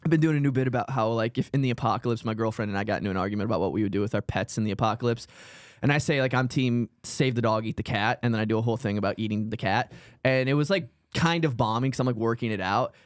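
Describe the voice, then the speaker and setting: Fast-talking male comic. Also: fairly low pitch, no room sound, clean studio sound. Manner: rapid storytelling, quick to slip into impressions. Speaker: podcast co-host, stand-up comic. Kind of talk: casual chat.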